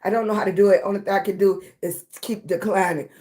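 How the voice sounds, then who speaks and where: A woman hosting a casual livestream chat with viewers. Her voice is slightly raspy, and she talks slowly and affectionately, sometimes short of breath. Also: mid-range voice, fairly even intonation, warm tone. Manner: slow, breathy, affectionate, calls viewers baby. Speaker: livestream host.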